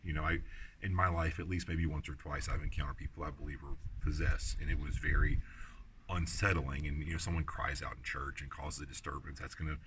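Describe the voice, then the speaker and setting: A man's voice: extremely low pitch, steady tone, fairly quick, fairly bright tone, a little hiss or hum. A man from the United States teaching the Bible on site at outdoor ruins, talking loosely with many fillers and restarts. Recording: distant mic with clear outdoor ambience.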